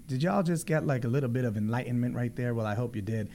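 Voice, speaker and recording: A man's voice: medium pitch, quick pace, dark tone, a little hiss or hum. A man hosting a radio talk show, playful and chatty, laughing easily with his guest. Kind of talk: casual radio interview.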